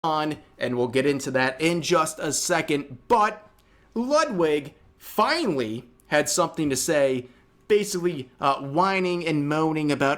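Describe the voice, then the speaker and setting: Sarcastic man narrating commentary slowly. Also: a little high, very animated, a bit bright. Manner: mocking, sarcastic.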